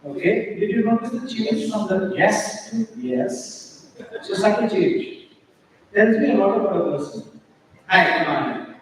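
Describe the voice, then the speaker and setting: A man runs a live stage act, bossing and teasing volunteers in a playful way. His voice sits high for a man. He is heard from a distance in a big, echoey hall with a long reverb tail. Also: a little hiss or hum. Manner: playful, teasing, gives quick commands. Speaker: stage mentalist performer. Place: large indoor auditorium stage.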